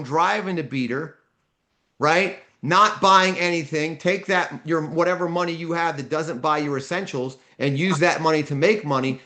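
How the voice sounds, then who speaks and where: A man leads a live class in a slightly higher voice. He lectures bluntly and keeps quizzing the room, then answers his own questions. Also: fairly bright tone. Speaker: seminar instructor.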